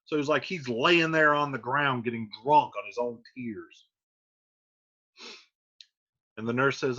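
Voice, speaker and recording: A man's voice: a little high, animated, a little slow, a bit bright. A man teaching a play, casually paraphrasing scenes with "he's like.". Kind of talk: explaining a play to students. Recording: dull lo-fi recording.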